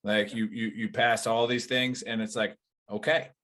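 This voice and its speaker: A man's voice: on the low side, level tone, moderate pace, a bit bright. A man hosting a casual veterans' podcast, talking in a rambling, profane way with many fillers and restarts. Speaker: podcast host.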